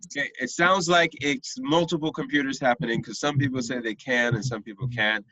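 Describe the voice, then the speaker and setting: A man's voice: medium pitch, fairly even intonation, fairly quick, sharp tone, dry recording. A young man teaching a math lesson online, often checking that his students follow. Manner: patient, checks understanding often. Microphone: computer mic on a video call. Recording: dull, lo-fi video call audio.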